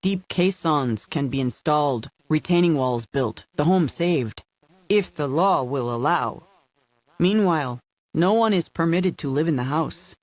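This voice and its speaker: A man voicing a humble, soft-spoken male caretaker who answers courteously and formally. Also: fairly high pitch, animated, measured pace, no echo. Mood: polite.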